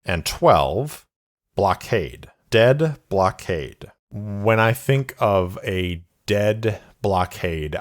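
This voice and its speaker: A man hosting a podcast, narrating a solo tabletop game in a relaxed way and thinking aloud. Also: low voice.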